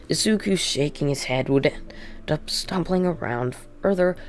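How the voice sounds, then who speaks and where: Woman storyteller, deep for her sex, casual rambling narration. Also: measured pace, faint music behind. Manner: rambling, repeats "would end up".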